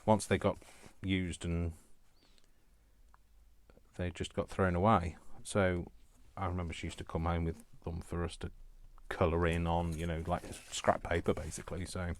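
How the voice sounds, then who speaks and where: Very low-voiced rambling man. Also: little pitch movement, moderate pace. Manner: rambling, self-mocking, chuckles to himself. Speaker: craft tutorial host. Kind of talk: casual crafting tutorial.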